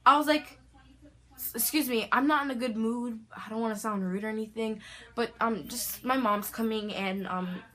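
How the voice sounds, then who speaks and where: Bright-voiced teen girl telling a story. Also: fairly high pitch, normal speed. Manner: dramatic, animated storytelling with slang. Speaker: vlogger. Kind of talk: storytime vlog.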